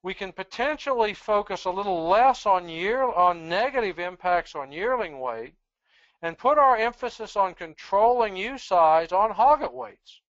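A presenter giving a webinar lecture on sheep breeding in a measured, explanatory, plain-spoken way. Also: medium pitch, lively intonation, fairly bright tone, dry recording, highs cut off.

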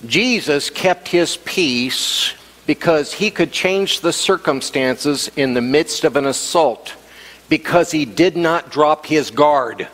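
Male pastor, animated sermon delivery, slightly high voice, big hall echo. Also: slow. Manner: animated preaching, acts out quoted voices. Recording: long hall reverb.

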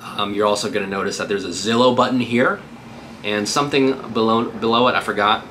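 A man's voice: lowish voice, a little fast, a bit bright, slight background noise. A man working as a real estate agent, giving a casual, upbeat tutorial on cold calling between live calls.

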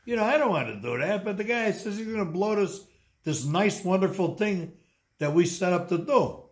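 A man in his eighties telling blunt, gruff stories about running tours, in a casual sit-down interview at home. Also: high voice, lively intonation, moderate pace. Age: 80s. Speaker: interviewee and tour guide. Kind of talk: casual storytelling. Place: indoors at home.

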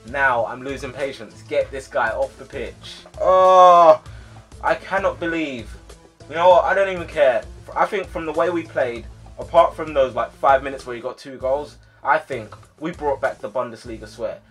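A young man giving live commentary on his own football video game match, excitable, yelling at his players and sighing in frustration. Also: medium pitch, moderate pace, breathy edge, soft background music. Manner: excitable, shouts at players, swings to frustrated sighs. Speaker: gaming YouTuber.

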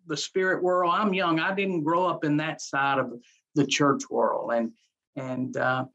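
A pastor tells his story in an interview, his voice sitting a bit high for a man, with a gravelly, breathy edge. He speaks earnestly, repeating phrases and acting out what he once said. The recording sounds dull and lo-fi. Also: steady tone, unhurried, pushed and bright. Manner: earnest, repeats phrases, acts out his own past words.

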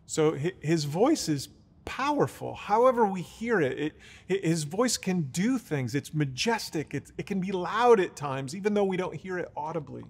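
A man's voice: high voice, expressive, moderate pace, breathy edge, in a large hall. A man preaching a teaching sermon in an earnest, explaining way, often restarting his words. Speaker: pastor.

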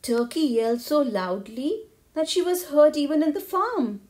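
A woman narrating a children's picture book aloud, in a clear, even storytelling manner. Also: high voice, normal speed.

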